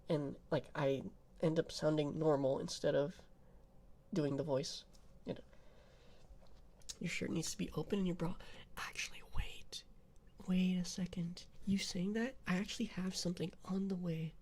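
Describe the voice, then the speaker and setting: A young man chatting on an ASMR livestream as a VTuber, switching between whispers and soft talk, giggling often and swearing casually. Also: high voice, steady tone, normal speed, pauses often. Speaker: VTuber streamer.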